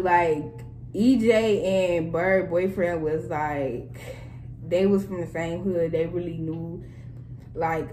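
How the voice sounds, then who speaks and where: A young woman vlogger retelling a story in a casual, animated and profane way. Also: lowish voice, reverberant, a little hiss or hum, poor audio. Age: young adult. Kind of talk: storytime vlog, casual chat.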